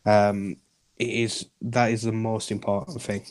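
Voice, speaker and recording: A man's voice: lowish voice, little pitch movement, measured pace, darkish tone. Earnest man, podcast guest. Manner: earnest, reassuring, repeats himself. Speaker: guest, community group founder. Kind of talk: podcast interview.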